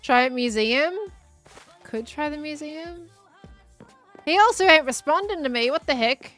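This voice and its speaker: A woman's voice: high-pitched, measured pace, fairly bright tone, soft background music. A woman chatting casually with her live chat while she plays, thinking aloud as she goes. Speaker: streamer.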